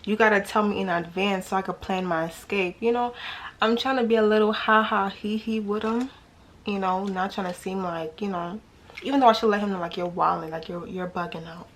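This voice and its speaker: A woman's voice: mid-range voice, fairly even intonation, fairly quick, slight background noise. A young woman with a New York accent telling a dating story casually to her viewers, slangy and full of rhetorical questions.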